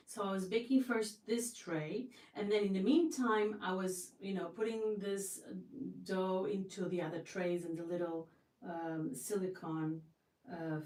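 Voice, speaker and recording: A woman's voice: fairly low pitch, a little mellow. Gushing woman chatting in a roomy kitchen. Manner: chatty and effusive, with many restarts. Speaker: livestream host. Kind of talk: casual livestream chat. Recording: roomy sound from a distance.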